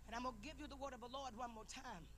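A woman preacher delivering a sermon in a large church, swinging from hushed murmurs to shouted climaxes and repeating her phrases. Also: on the high side, fairly even intonation, rapid-fire.

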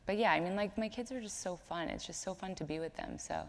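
Woman, stage guest: low voice, easy and sincere, roomy hall echo. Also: fast talker, vocal fry. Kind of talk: onstage interview answers. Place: stage of a live event in a hall. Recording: echoey hall.

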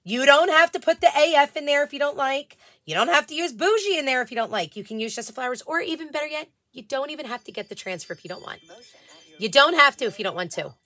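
A woman's voice: high voice, lively intonation, fast, sharp tone, dry recording. Chatty woman live-streaming her craft haul. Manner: chatty, greets viewers by name, many fillers. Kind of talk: casual live-stream chat.

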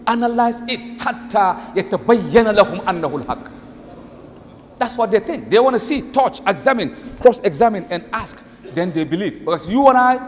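A man preacher giving a lively sermon, telling a story and acting out the quotes of its people. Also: high voice. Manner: animated storytelling, acts out quotes. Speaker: Islamic preacher. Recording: echoey hall, faint background noise.

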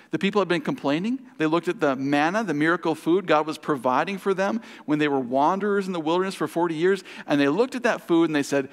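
A pastor leading a Bible study, reading passages aloud and then explaining them with questions. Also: male voice, fairly high pitch, quick pace, hardly any pauses. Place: church hall. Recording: hall reverb.

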